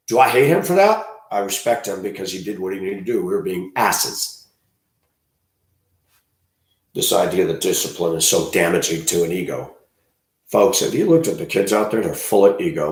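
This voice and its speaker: A man ranting crudely in a monologue, breaking into loud outbursts and mocking voices. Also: on the low side, echoey room. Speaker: host.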